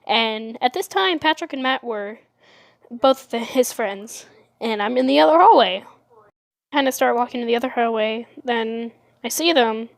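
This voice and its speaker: A young woman telling a storytime vlog in a giggly, excitable way. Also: on the high side, normal speed, gravelly, no room sound, clean studio sound. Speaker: vlogger.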